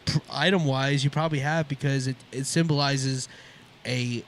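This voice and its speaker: A man's voice: medium pitch, fairly even intonation, normal speed, a bit bright, slight background noise. A man co-hosting a casual podcast, easygoing and agreeable, recorded in an open shop. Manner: easygoing, agreeable, chiming in with "yeah". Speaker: podcast co-host. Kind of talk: casual chat. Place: open shop at a riverside shopping center.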